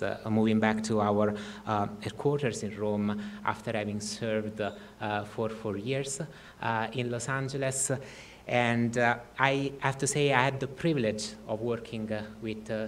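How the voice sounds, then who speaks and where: A man's voice: on the low side, slight background noise. Hesitant man at a podium. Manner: many hesitant fillers. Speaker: cultural institute director. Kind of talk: formal podium introduction. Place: event hall. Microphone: podium microphone.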